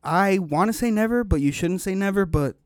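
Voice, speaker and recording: A man on a podcast telling a long story in casual chat, animated and full of slang and swearing. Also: high-pitched, fairly quick, dry recording, clean studio sound.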